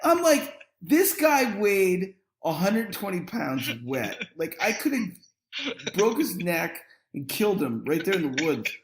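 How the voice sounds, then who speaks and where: A man's voice: sits high, big pitch swings, takes it slowly, reverberant. A man telling a long story as a podcast guest, acting out the quoted lines and laughing often. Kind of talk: casual storytelling.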